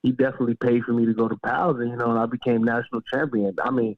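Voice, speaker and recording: A man hosting a boxing podcast talks casually and excitably, slangy and tacking "man" onto his sentences. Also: mid-range voice, quick pace, no room sound. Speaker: podcast host. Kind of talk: casual interview talk. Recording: tinny phone-like line, dry.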